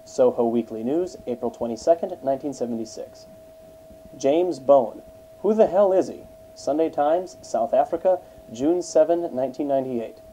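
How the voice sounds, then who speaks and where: A man reading an encyclopedia article aloud in a measured, even way. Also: mid-range voice, a little hiss or hum, rough recording. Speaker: narrator.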